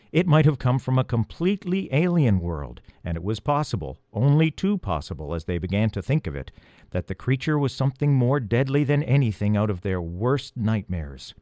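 A man reading a children's storybook aloud, gently, with asides to the listener. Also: fairly low pitch, dry recording, studio quality. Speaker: audiobook reader.

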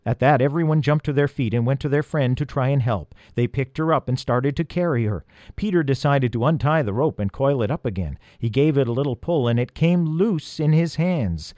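A man reads a children's storybook aloud in a dry, close recording. His voice sits at an ordinary middle pitch, and he tells the story expressively, easing the pace at tense moments. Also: dry recording. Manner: expressive, slowing for dramatic moments. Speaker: audiobook reader. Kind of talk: storybook narration.

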